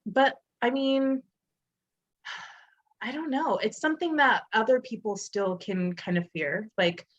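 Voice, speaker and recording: A woman's voice: fairly high pitch, slow pace, highs cut off. A young woman co-hosting a podcast in casual chat, talking loosely with lots of fillers. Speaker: podcast co-host.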